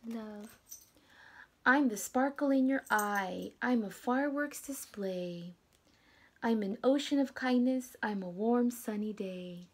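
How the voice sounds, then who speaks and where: A young woman teacher reading a picture book aloud to children, gentle and dropping to whispers, asking them questions. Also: fairly high pitch, unhurried, husky.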